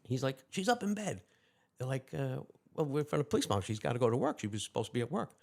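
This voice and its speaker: A gravelly-voiced man, rattling off stories at a quick clip. He tells them animatedly and acts out the other people's lines along the way. He is a retired lieutenant, speaking as a guest in a casual interview. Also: mid-range voice. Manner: animated anecdotes with quick quoted dialogue.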